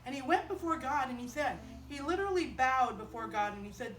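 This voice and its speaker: A woman teaching a Bible story to children in a chapel, animated and quizzing them as she goes. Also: high-pitched, brisk, hardly any pauses, recorded from a distance, a little hiss or hum. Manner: animated, asks the children questions. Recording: roomy chapel, voice off-mic.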